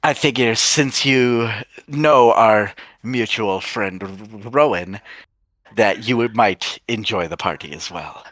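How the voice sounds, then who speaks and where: Man voicing genteel stuttering host, deep, close and dry. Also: slow, no echo. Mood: stammering courtly. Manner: stutters and trails off softly. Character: stammering genteel older male party host.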